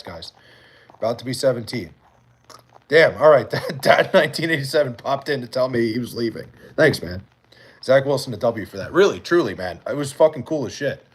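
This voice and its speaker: Profane, rambling male livestreamer. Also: medium pitch. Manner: profane, rambling storytelling with many fillers; reads and answers chat comments. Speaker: livestream host. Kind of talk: casual chat with live viewers.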